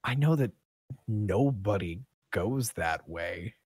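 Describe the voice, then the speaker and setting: A male game master running a tabletop game, with a husky, slightly breathy voice and a lively, swinging pitch. He talks in halting bursts, restarting his sentences and laughing along with the players. The room sounds dry and close. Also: no echo.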